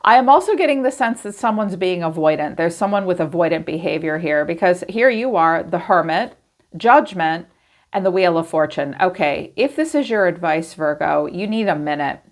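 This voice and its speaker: Woman tarot reader, chatty and expressive, slightly low voice for her sex. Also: normal speed. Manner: chatty, acts out quoted messages in a lively voice. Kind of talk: casual tarot reading.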